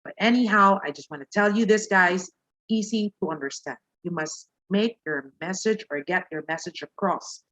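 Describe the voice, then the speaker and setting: A woman's voice: fairly low pitch, normal speed, fairly bright tone, highs cut off. Filipino woman teaching with emphatic "okay?"s. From Philippines. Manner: emphatic, punctuates points with a questioning "okay?". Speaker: IELTS speaking teacher. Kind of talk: live online lesson.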